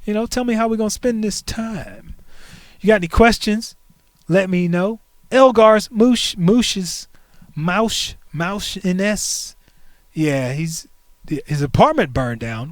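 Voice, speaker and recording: Stream host, man in his 40s, higher pitch, playful and joking, dry close sound. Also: takes it slowly, no room sound. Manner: playful, joking, animated asides to chat. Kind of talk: casual livestream chat.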